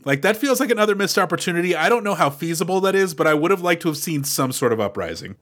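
A man's voice: on the high side, lively intonation, quick pace, fairly bright tone. A man co-hosting a podcast in casual chat, analyzing a film's plot in a chatty way. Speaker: podcast co-host.

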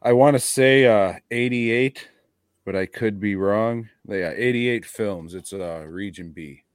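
Low-voiced guy swearing his way thru a slow rambly podcast chat, dry close sound. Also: no room sound. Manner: profane, rambling, laid-back. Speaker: podcast co-host. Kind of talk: casual chat.

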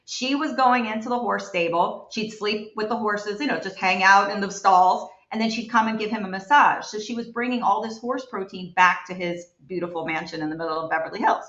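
A woman, a home environmental investigator, telling stories as a guest in an animated, chatty way with many fillers. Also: mid-range voice, fairly quick, hardly any pauses. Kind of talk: guest storytelling in a chat. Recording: roomy, dull lo-fi sound.

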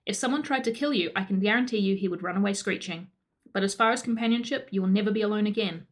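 A woman's voice: mid-range voice, fast. A woman reading out a comic adoption listing in a dry, sardonic manner. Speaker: reader of a pet adoption listing.

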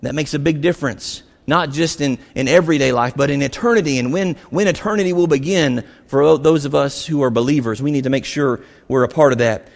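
A man preaching a sermon as pastor, animated, acting out the voices of biblical figures as he retells the story. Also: a little high, brisk, creaky, hardly any pauses, big-room sound.

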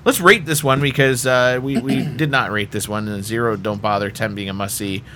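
A man hosts a casual fan discussion podcast, putting questions to his panel. His voice is bright and forward. Faint background noise sits under the recording. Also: mid-range voice, steady tone, moderate pace. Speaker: podcast host.

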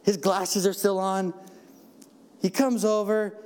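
High-voiced, mellow man telling a sermon story. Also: slow. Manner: animated, laughing, acts out voices in his stories. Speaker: church speaker.

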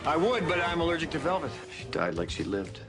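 A man's voice: a little high, big pitch swings, fast, over music. An actor playing a witty, hard-drinking older male ad executive, delivering dry sardonic one-liners. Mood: wry.

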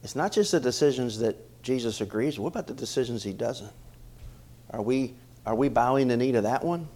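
Speaking in a mid-range voice, a middle-aged pastor gives a spirited sermon. He often repeats words and asks the congregation questions.

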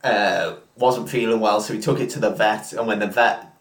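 A man's voice: fairly low pitch, steady tone, normal speed, roomy sound. A man casually retelling a film plot in a rambling, sweary way, full of fillers. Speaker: podcast co-host retelling a film. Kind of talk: casual drunken chat.

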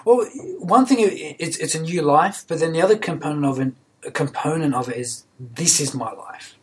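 A young man, a podcast guest telling his story in an earnest, halting way, often repeating words. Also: on the high side. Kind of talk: casual storytelling.

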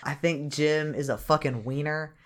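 Podcast co-host, casual chat, laughing, halting restarts. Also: mid-range voice, fairly even intonation. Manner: laughs often, trails off and restarts.

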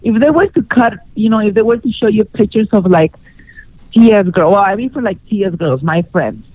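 Over a tinny, dry phone line with no room sound, a Los Angeles woman phones a radio show, chatting casually in a flirtatious, rambling way. Her voice is medium-pitched, husky and lively, and she talks a little fast.

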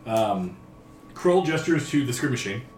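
A man working as game master, narrating a tabletop game in a descriptive, unhurried way with filler words. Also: medium pitch, sing-song, darkish tone, a little hiss or hum. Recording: roomy echo with faint music.

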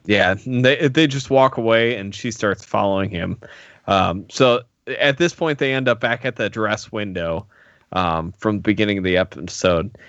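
A laid-back man recapping a TV episode in a casual podcast chat. His voice is low, and the recording is dry and a little dull and lo-fi. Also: moderate pace, a bit bright, dry recording. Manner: laid-back, laughs often. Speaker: podcast co-host.

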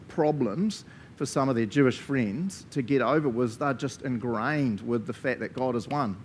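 A man's voice: mid-range voice, a little hiss or hum. A man with a New Zealand accent preaching a casual sermon, joking and often laughing as he talks.

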